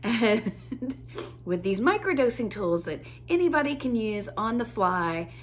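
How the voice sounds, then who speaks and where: A woman's voice: a little high, big pitch swings, a little slow. A woman coach casually telling a funny story, easygoing, with frequent fillers and laughter. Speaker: joy coach.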